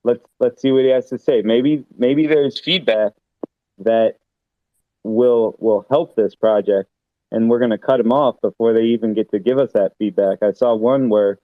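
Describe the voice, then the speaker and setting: A man's voice: medium pitch, normal speed, no room sound. Man on a voice call, dry and muffled sound, thoughtful rambling talker. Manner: rambling, thoughtful, many fillers and restarts. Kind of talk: casual voice chat. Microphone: online voice call.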